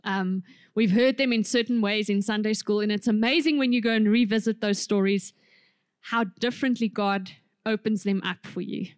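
A woman's voice: mid-range voice, moderate pace, smooth, no room sound, studio quality. A woman introducing a sermon in church, chatty and informal. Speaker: preacher.

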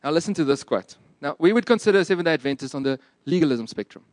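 A man's voice: fairly high pitch, animated, fast talker, dry recording. A man preaching a sermon in an earnest, emphatic and plain-spoken way. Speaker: pastor.

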